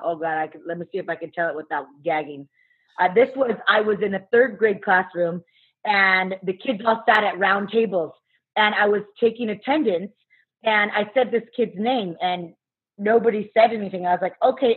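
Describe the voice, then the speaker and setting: A woman who works as a substitute teacher, telling a story in casual chat, animated and swearing freely while acting out what people said. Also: mid-range voice, breathy edge. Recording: muffled phone-like sound.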